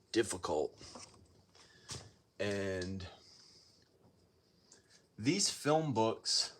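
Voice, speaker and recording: A man casually rambling through a home vlog, halting and self-deprecating as he shows his books. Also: lowish voice, a bit bright. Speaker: vlogger showing his book collection.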